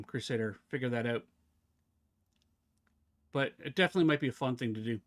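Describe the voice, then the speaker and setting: Fast-talking chatty man streaming a game. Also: mid-range voice. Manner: chatty, talks to chat while fiddling with settings; talks fast, slurs words together. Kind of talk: casual live-stream chat while gaming.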